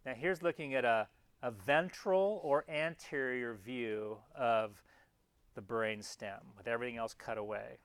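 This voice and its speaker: In a classroom anatomy lecture, a man speaks casually and chattily, frequently breaking off to restart a phrase while indicating parts on his slides. His medium-pitched voice has a clean tone and a measured pace, with no room sound.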